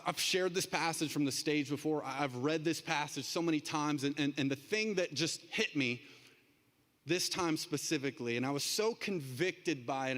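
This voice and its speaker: A young man preaching a casual, animated sermon as a youth pastor, full of slang. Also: fairly high pitch, big-room sound.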